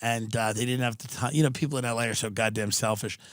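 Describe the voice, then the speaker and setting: This Southern California podcast host is a fast talker with a mid-range voice, telling funny stories full of profanity and mimicking quoted people with animated energy. The sound is dry and studio quality.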